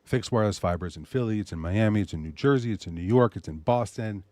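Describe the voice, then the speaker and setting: A man hosting a show, pitching his service in a loose, animated way and muttering asides to himself. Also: fast, no echo. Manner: animated salesy pitch, mutters asides while browsing pictures. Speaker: host. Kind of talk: casual promotional talk.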